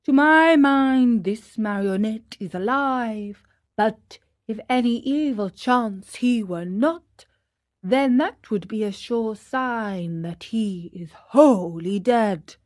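A woman voicing a fussy male owl doctor who politely contradicts in a measured way. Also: on the high side, expressive, no echo, studio quality. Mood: contrary.

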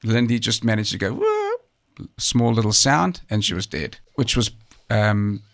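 A man narrating a documentary story in a measured, conversational way, with occasional fillers and restarts. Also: on the low side. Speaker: storyteller recounting a true survival tale. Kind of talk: documentary narration, partly off the cuff.

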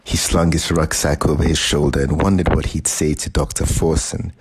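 A man narrating a short story in a calm, measured reading voice. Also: very deep voice, noisy background. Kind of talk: audiobook narration.

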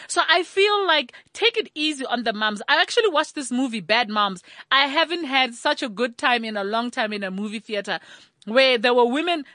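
South african woman, sassy comic monologue, bright sharp voice, dry close sound. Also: sits high, no room sound. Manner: sassy, animated, peppered with rhetorical "eh?" asides. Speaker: mother of several children.

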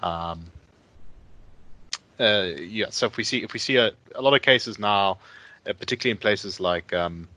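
A man in casual discussion who speaks thoughtfully and hesitantly, filling his pauses with ums and uhs. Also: on the low side, pushed and bright, dry recording. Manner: thoughtful, hesitant, many fillers.

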